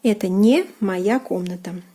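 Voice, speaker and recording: A woman with a Russian accent explains grammar in a slow, unhurried way, pausing often on ums and uhs. Her voice is soft and mellow, never sharp. She repeats each example phrase patiently, as a teacher writing on a board. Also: mid-range voice, slightly rough, rough recording. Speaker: language teacher.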